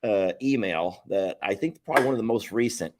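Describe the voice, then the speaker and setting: A man's voice: on the low side, brisk, background noise. A man hosting a casual live chat, rambling and folksy, with occasional stammers. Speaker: livestream host.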